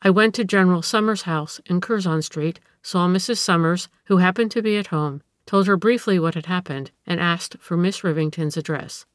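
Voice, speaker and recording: Female audiobook reader, measured narration, lowish, dry close sound. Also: no echo. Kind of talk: scripted narration of a classic story.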